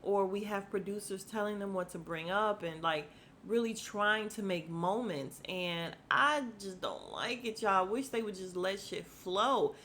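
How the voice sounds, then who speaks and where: Woman podcast host, AAVE, lively gossip delivery, mid pitch, faint hiss behind. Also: unhurried. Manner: animated, slangy, acts out quotes. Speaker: podcast host recapping reality TV. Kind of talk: casual chat.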